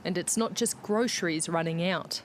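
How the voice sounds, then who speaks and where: An Australian woman reporter narrating a news package in a steady voice-over. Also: lowish voice, normal speed, noisy background.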